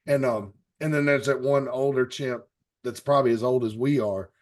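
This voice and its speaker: A man's voice: medium pitch, steady tone, normal speed. A man on a wrestling talk panel, telling stories in casual chat and laughing as he acts out quotes. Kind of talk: casual chat, animated storytelling.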